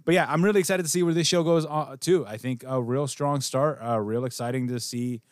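A man with a mid-range voice hosts a podcast in relaxed, casual chat. He laughs easily and swears freely. His voice is close to the mic in a dry space. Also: mid-range voice, fairly quick, dry recording. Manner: laid-back, laughing, profane. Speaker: podcast host.

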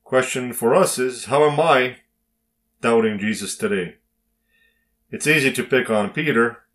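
A man reading a Bible story aloud and preaching on it in a slow, emphatic devotional style with dramatic pauses. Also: mid-range voice, a bit bright.

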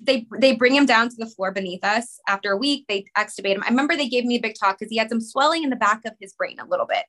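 A woman in her thirties with a high, bright, forceful voice rushes through an emotional personal story as a guest in a conversation. She rambles, restarts and leans on "like" constantly. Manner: rushed, rambling, many "like" fillers. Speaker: podcast guest, mother.

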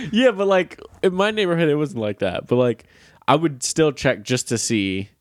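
A man's voice: on the high side, expressive, normal speed, dry recording, clean studio sound. A young man co-hosting a podcast, telling stories in casual chat, laughing often and swearing freely. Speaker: podcast co-host.

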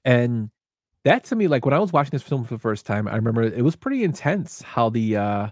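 A man's voice: mid-range voice, very animated, fairly quick, dry recording, clean studio sound. A man co-hosting a casual film podcast, animatedly retelling scenes and acting out the dialogue. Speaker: podcast co-host. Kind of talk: casual movie discussion.

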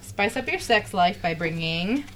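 A woman's voice: mid-range voice, animated, a little slow, noisy background. A woman guest reading cards aloud at a casual game night, self-conscious and laughing. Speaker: podcast guest.

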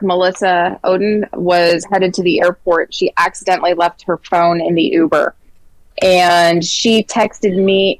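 A woman guest speaking in an earnest, halting way, with frequent fillers and restarts as she tells stories in a casual interview. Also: fairly low pitch, vocal fry, no room sound, rough recording.

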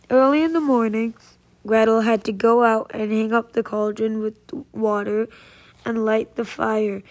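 Lady reading a fairy tale out loud, slow, kinda flat, stumbles now n then. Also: on the high side. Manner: slow, measured reading with small slips and restarts. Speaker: storyteller.

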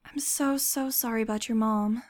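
A woman voicing a sincere, kind woman in an audiobook, softly consoling. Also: on the high side, a little slow, dry recording, clean studio sound.

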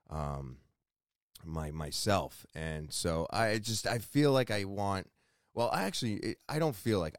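A man's voice: low-pitched, dry recording. A man hosting his own podcast, speaking in a candid, self-critical solo monologue that rambles with restarts, close on a mic in a small room. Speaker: podcast host.

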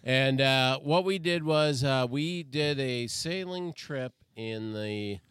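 Laid-back man telling a story, smooth voice. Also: medium pitch, takes it slowly, a bit bright. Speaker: podcast guest storyteller. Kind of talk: casual storytelling.

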